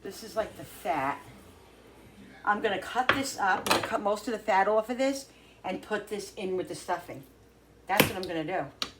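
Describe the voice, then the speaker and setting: A woman talking casually to her viewers while cooking in her home kitchen, rambling and thinking out loud as she works. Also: medium pitch, normal speed, heavy background noise. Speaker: cooking vlogger. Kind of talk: casual cooking vlog chat.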